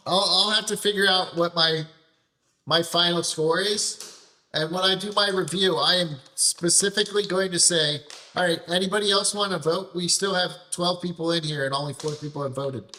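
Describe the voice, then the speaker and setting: A man with a high, forceful voice rants at length about a game, swearing constantly. He trips over his words and restarts sentences as the frustration spills out, keeping the loose tone of live gameplay commentary. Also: normal speed, slight background noise. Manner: ranting, frustrated, heavy swearing; repeats and restarts phrases while venting. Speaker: streamer.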